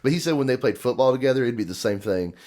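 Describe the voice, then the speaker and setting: A man's voice: mid-range voice, racing. A man on a podcast telling stories in casual chat, acting out the voices of the people in them and laughing often. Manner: animated storyteller, acts out quoted voices, laughs often. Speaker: podcast host.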